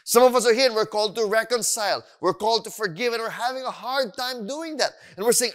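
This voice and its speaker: A young adult man with a Filipino accent preaching a sermon, animated and slipping in Tagalog phrases as he acts out the voices of children and doubters. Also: very high-pitched, fast. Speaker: pastor.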